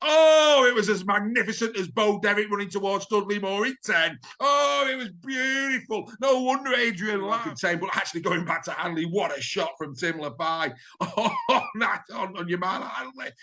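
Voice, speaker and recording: A man giving a comic, theatrical rugby league review, gushing and shouting the punchlines. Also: sits high, expressive, normal speed, few pauses. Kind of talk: comic match review commentary.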